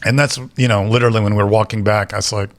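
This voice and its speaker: Animated male podcast storyteller. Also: lowish voice, very fast. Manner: animated storyteller, acts out quoted voices. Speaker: podcast co-host. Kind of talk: casual storytelling chat.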